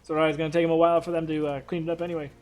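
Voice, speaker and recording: A man's voice: a little high, flat delivery, very fast, darkish tone, faint music behind. A man narrating as game master, casual and rambling, swearing freely.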